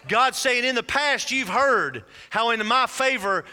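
A man preaching a sermon, drawing out key phrases slowly and building in fervor as he speaks. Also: extremely high pitch, lively intonation, bright, forceful tone, smooth. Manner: preaching with slow drawn-out emphasis and rising fervor. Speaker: pastor. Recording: reverberant hall.

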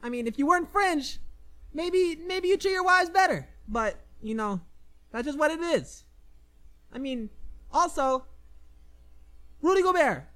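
Woman co-host, comedy podcast; very high voice, brash and boastful. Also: lively intonation, measured pace, pauses often, a bit bright. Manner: brash boastful banter, over-the-top. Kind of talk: mock trash-talk comedy podcast.

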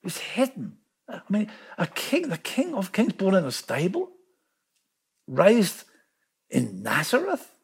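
A man preaching a sermon, telling the story with lively emphasis and repeating words to drive points home. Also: sits high, slow pace, creaky, long pauses, husky. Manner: animated storytelling, acting out quoted voices.

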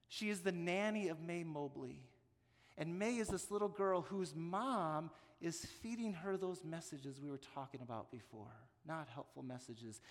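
A male pastor with a notably high voice delivers an earnest sermon, his words ringing with a long reverb through a church sanctuary. He often catches on a word and repeats it before pressing on. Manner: earnest, stumbles and repeats words when moved.

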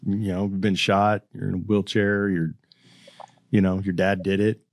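A man with a low voice hosts a casual podcast interview, agreeing often and encouraging his guest. The sound is dry, with little room echo. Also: little pitch movement, normal speed. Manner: encouraging, lots of short agreements. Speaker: podcast host.

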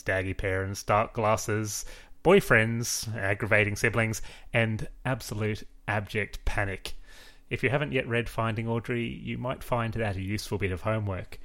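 A man's voice: on the low side, fairly even intonation, moderate pace, fairly bright tone. A man co-hosting a book podcast, enthusiastic and playful with small stammers. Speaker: podcast co-host. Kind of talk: casual book discussion.

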